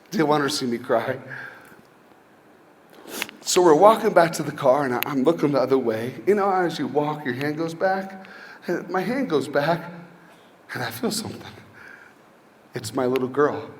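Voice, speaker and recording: A male motivational speaker gives an inspirational speech to a school audience in a large hall, sharing personal stories and asking rhetorical questions. His pitch is fairly high, with slight background noise, long hall reverb, and faint ambience.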